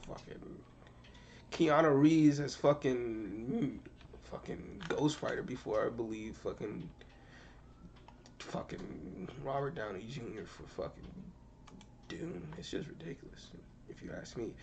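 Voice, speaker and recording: A young man streaming from his computer, ranting in an animated, profane, skeptical way, full of restarts. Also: mid-range voice, slow pace, vocal fry, noisy background. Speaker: streamer reacting to movie news. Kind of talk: casual rant on stream.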